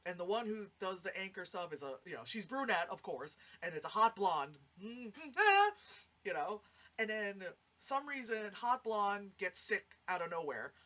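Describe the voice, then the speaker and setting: Speaking at medium pitch and normal speed, a woman delivers a rambling, casual movie review. She's animated, curses freely, and performs quotes from the movie.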